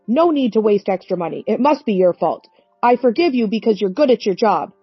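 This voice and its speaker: Woman voicing a domineering, scornful middle-aged husband; irritable sneer, somewhat husky, dry dull recording. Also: mid-range voice, expressive, a little fast, no room sound, faint music behind.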